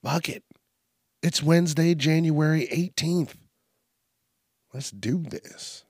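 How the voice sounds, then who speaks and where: A man's voice: fairly high pitch, slow, darkish tone, breathy edge, dry recording, clean studio sound. A man hosting a casual comedic news podcast, rambling and profane, poking fun at himself. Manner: rambling, profane, self-mocking. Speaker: podcast host.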